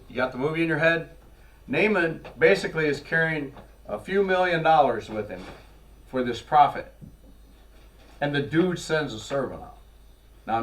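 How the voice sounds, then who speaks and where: A man preaching a sermon in a church, telling scripture stories in a lively way and acting out the characters. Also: on the high side. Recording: voice from far off the mic.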